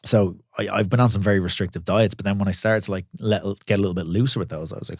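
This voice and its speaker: A man who is a guest on a podcast, talking candidly in quick bursts with lots of swearing and restarts. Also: on the low side, a little mellow, no echo, clean studio sound. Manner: swears freely, tells stories in quick bursts with many restarts. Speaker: podcast guest, pro wrestler and gym owner. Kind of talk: candid casual podcast chat.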